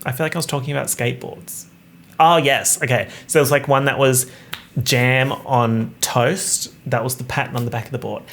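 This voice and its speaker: A man's voice: medium pitch, fairly even intonation, normal speed, a bit bright, slight background noise. A young man hosting a solo podcast, joking and swearing casually as he wanders off on tangents. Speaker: podcast host. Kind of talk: rambling solo podcast chat.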